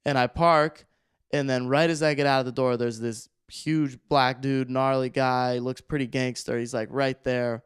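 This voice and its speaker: A man on a podcast telling a story in a loose, animated way, full of filler words. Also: medium pitch, moderate pace, smooth, dry recording, studio quality. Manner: animated, rambling, heavy use of filler words. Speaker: podcast guest. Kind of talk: casual storytelling.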